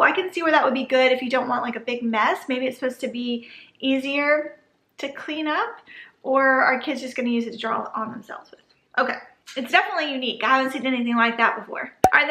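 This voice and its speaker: A chatty woman in her thirties talks upbeat and casual to her viewers from home. Her voice sits high and sounds bright and sharp. The room around her rings with echo. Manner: chatty and upbeat, with laughs and asides. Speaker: vlogger. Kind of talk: casual chat. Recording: echoey room.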